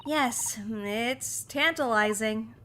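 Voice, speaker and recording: A woman's voice: a little high, extremely slow, bright, forceful tone, a little hiss or hum. A woman streamer reading game dialogue aloud in a playful, giggly casual way. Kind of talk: casual game read-along.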